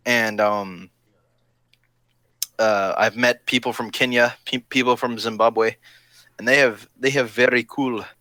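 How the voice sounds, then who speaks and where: A man's voice: medium pitch, sharp tone, no echo. A young man in casual chat about live-action role-play, rambling and jokey, slipping into brief silly voices. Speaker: LARP podcast co-host.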